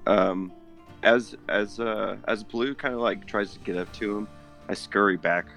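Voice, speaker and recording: Player, man, very deep and gravelly, halting delivery, faint music behind. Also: fairly even intonation, fairly bright tone. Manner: hesitant, halting with many fillers. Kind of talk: casual tabletop game play.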